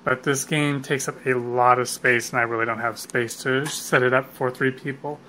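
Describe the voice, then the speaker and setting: Man, bright tone, casual board game rules walkthrough, some um and uh, faint background hum. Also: medium pitch, moderate pace. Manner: relaxed, with fillers and self-corrections.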